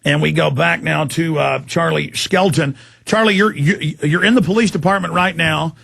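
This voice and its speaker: A male talk radio host with a raised, husky voice drives every line with forceful indignation. He rants in quick bursts and keeps pressing his point. The sound is dry and close. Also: a little high, no room sound. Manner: forceful, ranting, rapid-fire. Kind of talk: heated talk radio interview.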